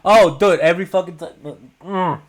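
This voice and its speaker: A man co-hosting a podcast in casual chat with friends, animated and laughing often, trailing off into mumbles, on a home mic over an online call. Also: high voice, moderate pace. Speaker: podcast co-host.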